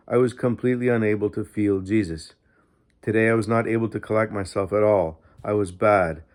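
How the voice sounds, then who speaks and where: A man's voice: on the low side, darkish tone. A man narrating a diary in the first person, reading steadily and earnestly as an audiobook narrator.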